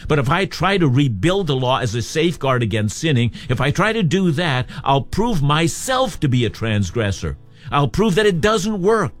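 A man teaching through a Bible passage in a measured, emphatic expository style, as on a radio Bible program. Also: on the high side, sing-song, faint music behind. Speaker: preacher.

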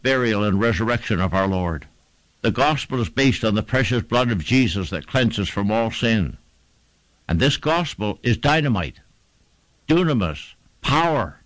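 A man's voice: mid-range voice, fairly bright tone, no echo, low-quality recording. A man preaching a sermon, fervent and emphatic, building repeated phrases to a climax.

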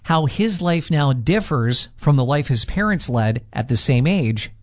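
Lively male radio announcer. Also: medium pitch, measured pace. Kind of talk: scripted radio promo.

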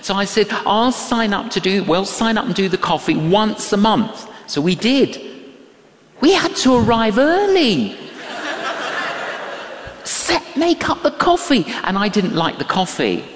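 A man preaching in a big, reverberant hall, speaking slowly and deliberately with a pitch that leaps up and down. He tells stories animatedly and acts out the voices in them. He sounds a touch distant from the mic. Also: sing-song, a little hiss or hum. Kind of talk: sermon with anecdotes. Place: church or large hall. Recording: echoey hall, a little distant.

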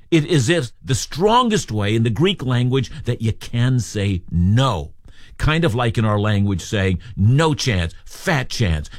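Lively, emphatic male preacher. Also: a little high, no room sound, clean studio sound. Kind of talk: sermon on a radio Bible program.

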